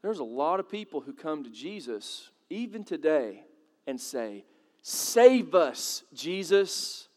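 This pastor's high voice is sing-song and a little mellow, and he preaches a little slowly to his congregation. He speaks loosely and conversationally, asks questions, and rises to dramatic peaks, his words echoing long through the hall.

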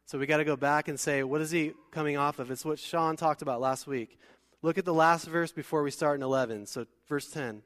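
A man preaching a sermon in a church, chatty with joking asides and slow scripture readings. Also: fairly high pitch, fairly bright tone. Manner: conversational, joking asides, reads scripture slowly. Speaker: pastor. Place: church hall. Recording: long hall reverb.

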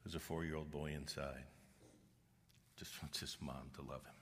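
A middle-aged pastor earnestly tells stories in his sermon, acting out the characters' voices, inside a large church auditorium with long reverb. His rumbling low voice is a bit bright and delivered flatly at a normal speed, over a little hiss or hum.

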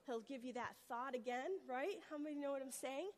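A woman's voice: sits high, fairly quick, big-room sound. A woman preaching a testimony sermon, telling a personal story earnestly and acting out the voices in it. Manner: earnest storytelling, acts out quotes with rising intensity.

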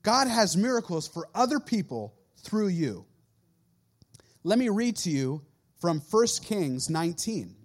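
Man, 30s, youth pastor, sermon, animated, lively swooping delivery. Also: high-pitched, unhurried. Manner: animated preaching, acting out quoted voices.

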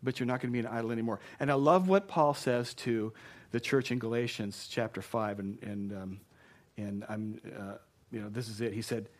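A man preaching a sermon to a congregation as pastor, impassioned, repeating phrases and building to loud exclamations. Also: mid-range voice, normal speed. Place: church before a congregation.

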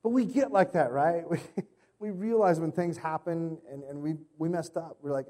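A man's voice: fairly high pitch, animated, normal speed, mellow. A man in his thirties, a pastor giving a sermon, telling stories in a casual, conversational way with playful impressions.

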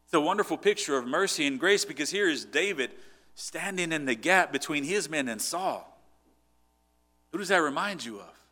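A man's voice: on the high side, lively intonation, normal speed, sharp tone. A man preaching a sermon in an earnest, conversational way, often restarting his sentences. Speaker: pastor.

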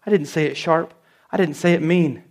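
A middle-aged man preaching a sermon in church, telling stories and stressing key phrases with slow, emphatic repeats. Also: a little high, darkish tone. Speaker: pastor.

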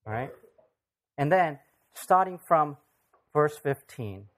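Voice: mid-range voice, lively intonation, slow pace. Conversational pastor preaching a sermon. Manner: conversational, asks the audience rhetorical questions.

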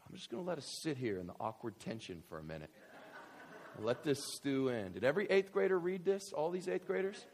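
A male pastor preaching a sermon to his congregation, conversational and animated, dropping to hushed asides and then rising to fired-up exclamations. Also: fairly high pitch, a little fast. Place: church hall with congregation.

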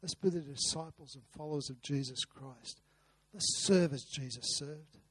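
A man's voice: on the high side, moderate pace, fairly bright tone, a little hiss or hum. A man preaching a sermon, earnest, with rhetorical questions and repeated words. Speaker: pastor. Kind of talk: sermon with a told story.

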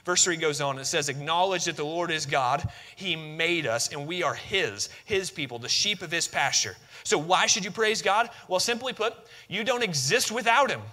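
A man preaches a sermon in a bright, fairly high voice. He keeps it conversational and emphatic, asking his listeners rhetorical questions and adding touches of humor. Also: big-room sound.

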